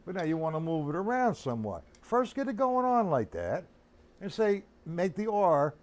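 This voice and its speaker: Older man teaching drums, lively voice. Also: high voice, normal speed, background noise. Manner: chatty, instructive, addresses viewers by name. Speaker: drum teacher. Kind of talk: live-streamed drum lesson.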